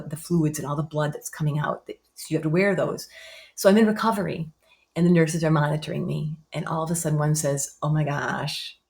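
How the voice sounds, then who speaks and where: A woman in her fifties, a podcast guest, telling a personal story in an animated way, repeating phrases for emphasis and acting out other people's lines. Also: deep voice. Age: 50s.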